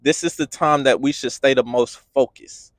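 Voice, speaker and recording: A man's voice: mid-range voice, steady tone, moderate pace, no echo. A man hosting a podcast, giving an earnest faith-based motivational talk with preacher-like repetition.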